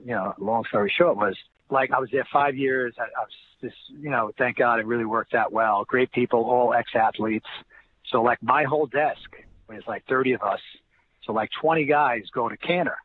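Guy, middle-aged, rambling stories, restarts a lot, sounds like he's on the phone. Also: mid-range voice. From New Jersey. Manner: rambling, repeats words, acts out quoted people. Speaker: interview guest, former basketball player. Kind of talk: casual storytelling. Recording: tinny phone-like line with faint noise.

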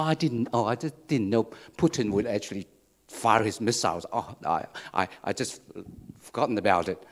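Man preaching with frequent restarts. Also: medium pitch. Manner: repetitive, restarts phrases, asks "okay?" and "right?". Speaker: pastor. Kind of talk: sermon.

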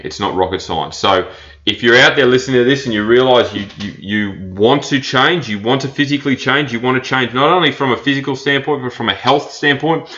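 A man's voice: mid-range voice, pushed and bright. A man hosting a solo podcast as a personal trainer. He talks bluntly and hammers his points home by repeating them. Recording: dull lo-fi podcast audio.

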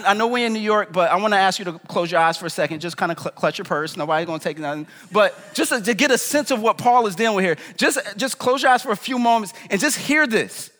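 A man's voice: high voice, fairly bright tone, in a large hall. A man preaching a sermon as pastor in a casual, slangy, conversational way, in a church. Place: church in New York.

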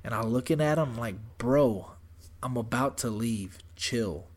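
A young man telling a story in casual chat, animated and profane, saying "dude" and "bro" constantly. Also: mid-range voice, a little slow.

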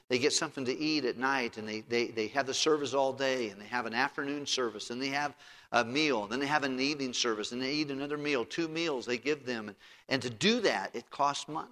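A man preaching a sermon, who swings between loud emphatic outbursts and quiet asides. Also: medium pitch, long reverb tail. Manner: preacherly, rising to shouts and dropping to quiet asides. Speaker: pastor.

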